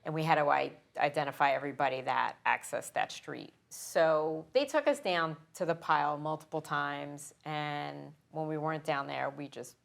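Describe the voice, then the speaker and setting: Low gravelly woman, firefighter from new york, talks slow and emotional, kinda halting. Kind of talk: interview, personal recollection.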